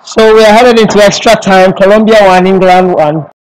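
A man's voice: high voice, steady tone, normal speed, slight background noise, low-quality recording. A man giving live reaction commentary on a football penalty shootout, calling each player's name in dramatic play-by-play style.

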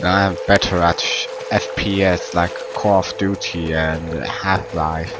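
Deep-voiced young man doing game commentary. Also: slow, background noise. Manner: excitable, swears, broken English. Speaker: gameplay commentator. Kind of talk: let's play commentary. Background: game music.

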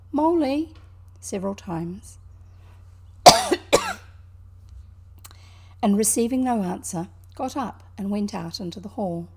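A woman with a New Zealand accent reading a children's novel aloud, pausing to explain words to young listeners. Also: mid-range voice, vocal fry, a little mellow, slight background noise. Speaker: storybook reader.

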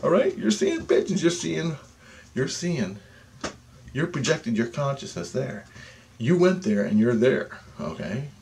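This meditation teacher has a creaky, medium-pitched voice and a measured pace, with a little hiss or hum in the recording. He guides the session in a profane, insistent manner, often asking "okay?", growing louder and more animated as it goes.

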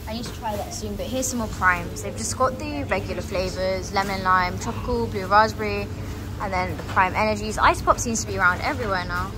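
A woman's voice: mid-range voice, brisk, noisy background. A chatty young woman vlogging casually to her viewers, a bit out of breath from walking between shops. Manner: chatty and excitable, addressing viewers as guys. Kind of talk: casual vlog to camera.

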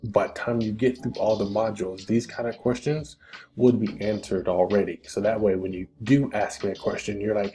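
Guy answering viewer questions, low flat voice, swears a lot, bit of music faint behind. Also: fairly quick, slight background noise. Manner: blunt, profane, pep-talk style. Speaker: crypto channel host. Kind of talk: casual Q&A livestream.

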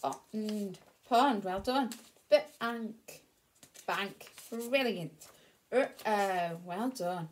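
A woman teaching a phonics reading lesson to young children, slow, clear and encouraging. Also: medium pitch, a little hiss or hum.

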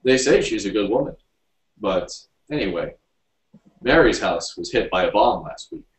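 A man's voice: on the low side, animated, normal speed, lightly acted. A man voicing Stagg, a worldly male companion who passes on gossip in a confiding, matter-of-fact way. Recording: roomy, distant mic.

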